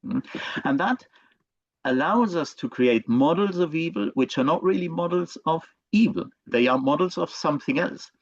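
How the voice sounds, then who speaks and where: A man's voice: on the high side, animated, moderate pace, no echo. A male professor giving an online lecture, hesitant, with many fillers and restarts. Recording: dull, dry lo-fi recording.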